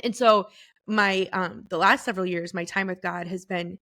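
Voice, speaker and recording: A middle-aged woman co-hosting a podcast, talking about her faith in a halting, tearful way. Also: medium pitch, fairly even intonation, dry recording, clean studio sound. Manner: tearful, halting, soft-spoken. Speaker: podcast co-host. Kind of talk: casual faith chat. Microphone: podcast microphone.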